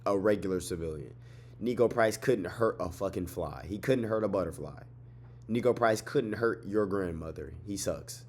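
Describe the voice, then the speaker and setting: Tired young guy with a lowish voice, excitable, profane fight recap vlogger. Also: moderate pace. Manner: excitable, swearing, repeats phrases, trash-talks. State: tired, yawning late at night. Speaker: MMA fight recap host. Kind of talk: casual fight breakdown vlog.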